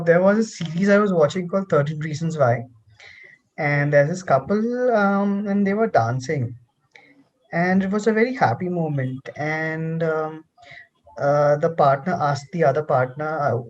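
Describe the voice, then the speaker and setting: A participant telling a personal reflection in a casual group conversation, halting with many ums. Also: medium pitch, a little mellow, lo-fi sound. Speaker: panel participant.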